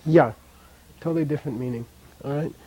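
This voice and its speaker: A man leads a classroom lesson, drilling pronunciation and explaining rules in a patient, repetitive way. His voice sits a little high for a man, and he lets out light chuckles as he teaches. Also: normal speed, darkish tone, dull audio. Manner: patient, repeats sounds for students to echo. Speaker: language teacher.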